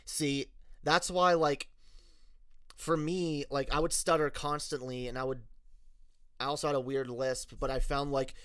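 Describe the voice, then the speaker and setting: A man's voice: medium pitch, measured pace, pauses often, a bit bright, clear, resonant tone, dry recording, clean studio sound. A man streamer talking frankly in a casual personal story, profane, with many restarts.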